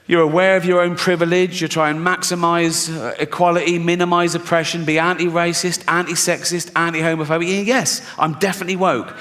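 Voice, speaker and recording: A man's voice: fairly high pitch, fairly bright tone. A man doing a live stand-up set, telling stories in a chatty way, often tagging lines with "right?" and swearing freely. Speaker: stand-up comedian. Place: large theatre stage. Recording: echoey theatre with audience in the room.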